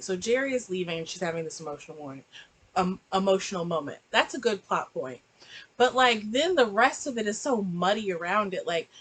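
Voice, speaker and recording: A woman's voice: medium pitch, husky, rough recording. A woman chatting animatedly in a casual reaction review, recorded on a laptop mic and slipping into mocking voices. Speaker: book and TV reviewer.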